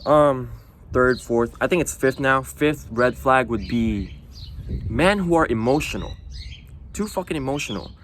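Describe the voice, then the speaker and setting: A man's voice: medium pitch, animated, unhurried, a bit bright, a little hiss or hum. Blunt, foul-mouthed man lecturing. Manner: blunt, swears a lot, repeats "you know". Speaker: vlogger. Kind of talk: casual monologue to camera.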